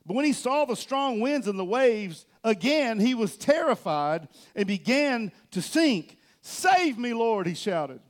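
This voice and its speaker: A male pastor preaching a sermon from a church stage, telling the story with animation and swinging between loud and soft. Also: high-pitched, animated, measured pace, few pauses.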